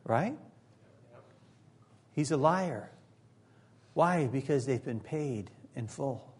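A man's voice: mid-range voice, lively intonation, takes it slowly, darkish tone, breathy edge. A man preaching a sermon as pastor, earnest and emphatic, with occasional joking asides.

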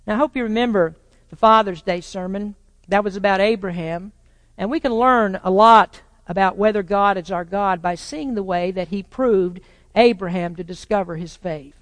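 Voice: medium pitch, normal speed. Preacher ringing through a long-reverb hall. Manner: swings between loud proclaiming and quiet, probing rhetorical questions. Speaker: pastor. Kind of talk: sermon. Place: church sanctuary with a congregation.

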